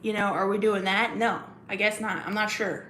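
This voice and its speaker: A woman's voice: medium pitch, fairly even intonation, moderate pace, fairly bright tone, reverberant, slight background noise. A woman hosting a casual live stream, rambling and chatty with plenty of fillers and restarts as she greets viewers in the chat. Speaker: livestream host.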